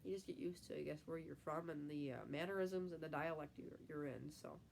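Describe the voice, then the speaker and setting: A young Midwestern woman, stuffy from a cold, hosts a live stream and reads viewer comments while rambling casually with plenty of fillers. Her low-pitched voice is creaky and brisk with fairly even intonation, and her Midwestern American accent comes through over slight background noise.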